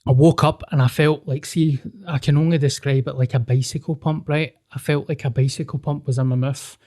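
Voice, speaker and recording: A man's voice: medium pitch, a little fast. Sweary man telling a story. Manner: sweary, animated, acts out quoted dialogue. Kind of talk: casual storytelling.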